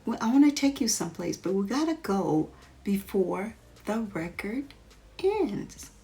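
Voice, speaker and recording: A woman's voice: mid-range voice, big pitch swings, unhurried, mellow, voice pushed up. A woman voicing an eager little girl who urges her friend to hurry. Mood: urgent. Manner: urgent, hurrying.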